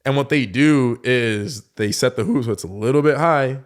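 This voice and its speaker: The guest here is a young man, a professional dunker, chatting on a casual podcast at a moderate pace and medium pitch. He tells loose, relaxed stories sprinkled with many "like" fillers.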